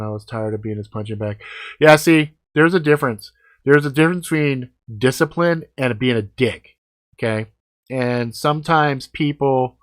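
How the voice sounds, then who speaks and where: A man in his forties answering viewer comments in a blunt, heavily profane, animated storytelling chat. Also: mid-range voice. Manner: blunt, heavy swearing, animated.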